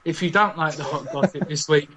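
A man's voice: a little high, a little fast, fairly bright tone, a little hiss or hum. A man hosting a casual gaming podcast, teasing his co-host and joking around with frequent laughter. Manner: teasing, jokey, laughs often.

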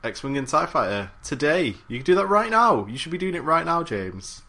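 Bright-voiced teasing podcast host man. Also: fairly high pitch, very animated, normal speed. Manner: dry teasing, laughs often. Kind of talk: casual podcast chat.

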